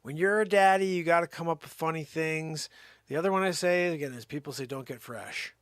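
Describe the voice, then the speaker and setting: A man doing a rambling stand-up comedy monologue, switching between hushed asides and loud silly voices. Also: a little high, fast talker, clean tone, no echo. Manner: goofy, jumps between whispers and loud silly character voices; rambling and playful.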